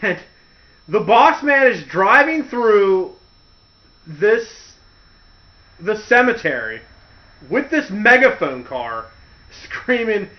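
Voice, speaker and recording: A man's voice: high voice, takes it slowly, pauses often. A man hosting a show, telling stories in a casual, comedic way, laughing often, in a lo-fi recording. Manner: animated, laughing, full of impressions. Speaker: host. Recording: dull lo-fi recording.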